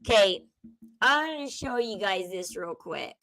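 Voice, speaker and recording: A woman's voice: medium pitch, expressive, a little slow, creaky, sharp tone, no room sound, poor audio. A woman streamer giving emphatic true-crime gossip commentary, repeating points and lecturing her viewers.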